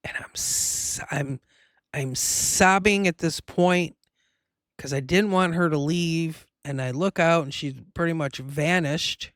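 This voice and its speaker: A woman's voice: low voice, slow pace, no echo, studio quality. A woman hosting her own show, telling a personal story in a rambling, emotional way with many fillers. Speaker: host.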